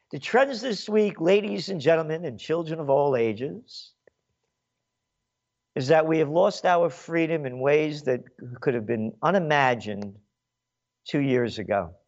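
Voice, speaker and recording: A man hosting a radio show, delivering an angry, sarcastic, insulting rant. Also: on the high side. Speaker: radio host. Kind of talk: ranting radio monologue. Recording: dull lo-fi radio sound.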